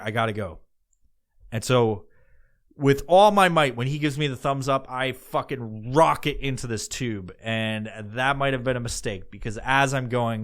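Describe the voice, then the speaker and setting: A man of middle pitch spins a long comic story in his own words, swearing in nearly every line. His delivery is loose and rambling, full of crude asides as he hosts his podcast. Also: a bit bright. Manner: crude, profanity-laden, rambling. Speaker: podcast host.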